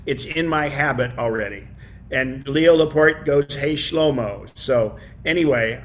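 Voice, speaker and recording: Guy running a laid-back online tech class, rambly, lots of uh and um, faint rumble behind. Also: a bit bright. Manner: rambling, lots of fillers and restarts. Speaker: class presenter.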